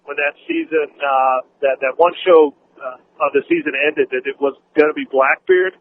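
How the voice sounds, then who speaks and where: A man calling in to a radio show over a tinny phone line with faint hiss. His voice sits a little high, and he talks eagerly, stumbling over fillers. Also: steady tone, moderate pace. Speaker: caller. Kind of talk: casual call-in chat.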